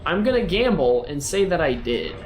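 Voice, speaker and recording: A man's voice: fairly high pitch, very animated, normal speed, slight background noise. A man live-streaming a video game, chatting with viewers and teasing them and the game in a playful way.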